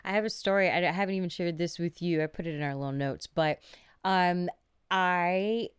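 A woman's voice: on the low side, normal speed, clear, resonant tone, no echo, studio quality. A woman hosting a podcast, chatting in a playful, giggly way. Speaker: podcast host. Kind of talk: casual podcast conversation.

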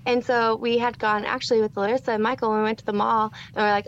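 High-voiced woman co-host, dull lo-fi sound. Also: quick pace. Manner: animated, acts out her own reactions. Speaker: podcast co-host. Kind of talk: casual chat.

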